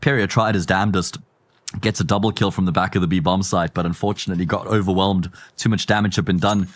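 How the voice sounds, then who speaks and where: A man with a South African accent giving live play-by-play commentary on an esports match, animated and jumping up in pitch when excited. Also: quick pace. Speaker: esports caster.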